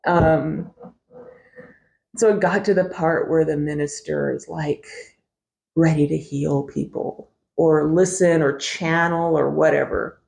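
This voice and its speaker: Slow, gravelly-voiced woman podcast host. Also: sits low, steady tone, darkish tone. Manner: candid, wry, swears freely, laughs often. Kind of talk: personal storytelling monologue.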